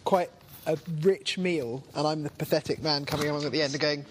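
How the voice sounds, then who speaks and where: Joking, self-deprecating man, slightly high voice. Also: fairly even intonation, brisk, few pauses, slight background noise. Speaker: co-leader of the study group. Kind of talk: casual group talk.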